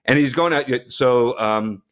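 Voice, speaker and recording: A man hosting a casual chat, telling a story in a relaxed way with frequent restarts. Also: mid-range voice, a little fast.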